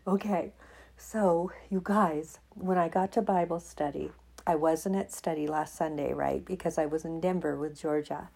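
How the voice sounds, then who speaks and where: A woman hosts her podcast, telling a personal faith story with plenty of emotion and frequent laughter. Her voice sits on the low side and sounds warm and a little husky. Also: fairly even intonation, moderate pace. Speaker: podcast host.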